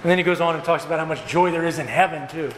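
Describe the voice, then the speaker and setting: A man preaching a sermon as pastor, earnest and emphatic, with slow stressed phrases and repetition. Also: a little high, a bit bright. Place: church sanctuary. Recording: echoey hall with faint room noise.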